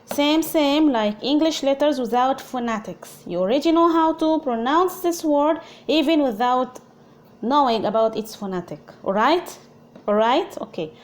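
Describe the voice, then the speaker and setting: A woman's voice: sits high, measured pace. A woman with an Arabic accent teaching a language lesson, speaking patiently and repeating sounds for learners to copy.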